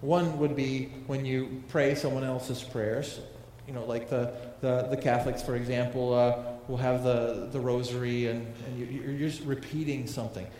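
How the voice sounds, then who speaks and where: A man's voice: medium pitch, fairly even intonation, normal speed, hardly any pauses, dark tone, slight background noise. A man preaching a sermon in a conversational way, asking his congregation questions as he goes. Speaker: pastor. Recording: echoey hall with long reverb.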